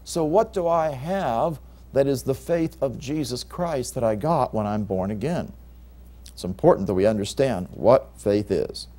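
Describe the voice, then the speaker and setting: A man's voice: medium pitch, animated, a little slow, mellow. A male pastor giving a Bible teaching sermon, reading scripture aloud and pressing key words with emphatic rises.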